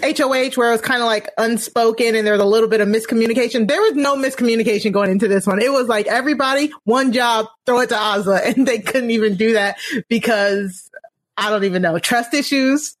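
Female co-host with a high voice, animated, exasperated delivery. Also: fast. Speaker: podcast co-host. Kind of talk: casual live-stream recap chat.

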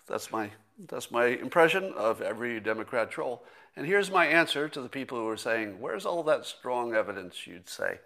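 A middle-aged man talks on his own in a loose, rambling way, stopping and restarting his sentences as he thinks aloud. His voice sits at an ordinary pitch for a man, and a dry, sarcastic streak runs under it. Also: expressive, moderate pace, vocal fry, bright, forceful tone. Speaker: host. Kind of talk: casual solo livestream commentary.

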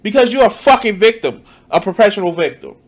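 High, lively, incredulous man reacting. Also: a little fast. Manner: incredulous, mocking, swears a lot. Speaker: stream reactor. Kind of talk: reaction commentary.

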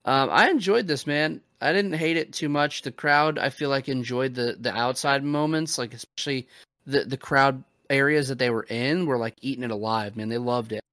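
A man's voice: medium pitch, moderate pace, a bit bright, no echo, clean studio sound. A man hosting a podcast, recapping a wrestling show in loose, profane casual chat full of fillers. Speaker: podcast host.

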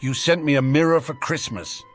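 A man's voice: mid-range voice, big pitch swings, moderate pace, faint music behind, pitched above the performer's own voice, natural voice. A man voicing a moody, indignant adult man on the run, huffy and defensive, in a storybook reading. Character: indignant adult male fugitive godfather, moody. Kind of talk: audiobook character reading.

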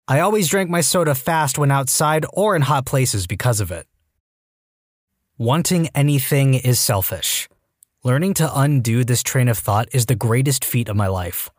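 A man narrating a series of online posts in an expressive, read-aloud style. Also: medium pitch, no room sound, studio quality. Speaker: narrator reading Reddit posts.

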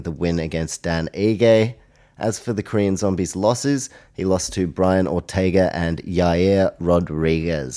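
A man's voice: sits low, warm tone. An Australian man hosting a solo podcast, talking casually through fight predictions with chatty asides. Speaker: podcast host.

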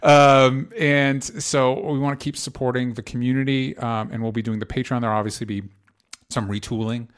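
A young man hosts a podcast in casual chat, earnest and a bit halting, full of fillers and restarts. His voice sits at an ordinary middle pitch. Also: level tone, smooth. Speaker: podcast host.

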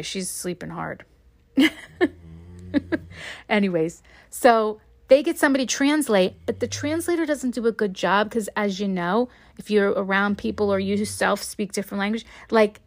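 A woman hosts a casual commentary podcast from home. She is blunt and swears freely, addressing her listeners directly as if chatting with a friend. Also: medium pitch. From United States. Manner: blunt, heavily profane, talks straight to the listener. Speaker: podcast host.

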